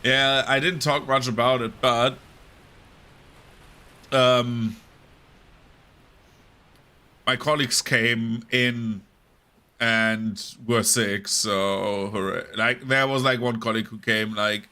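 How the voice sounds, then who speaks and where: Bright, nasal man with a cold. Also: mid-range voice, little pitch movement, takes it slowly. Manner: rambling and chatty, talking over gameplay. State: sick with a cold, nasal and rough-throated. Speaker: streamer. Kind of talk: casual live-stream chat while gaming.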